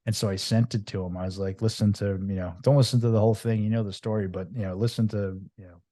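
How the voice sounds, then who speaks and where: Deep-voiced New man telling his story. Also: fast talker, no echo. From Long Island, New York. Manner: rambling, animated, many fillers and restarts. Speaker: podcast guest. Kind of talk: candid storytelling interview.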